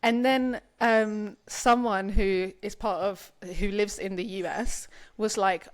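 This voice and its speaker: A young British woman hosts a podcast in casual chat, rambling through stories and saying "like" a lot. Her voice is medium-pitched, slow-paced, with few pauses.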